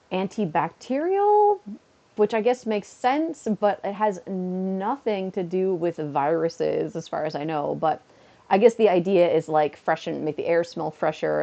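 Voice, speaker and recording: A woman's voice: lowish voice, gravelly, warm tone. A woman chatting casually on a home stream, giggling at her own jokes. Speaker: live streamer and teacher.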